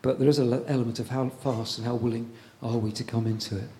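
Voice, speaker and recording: A man preaching a sermon in a conversational way, pausing often and repeating words as he goes. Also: medium pitch, fairly even intonation, dark tone.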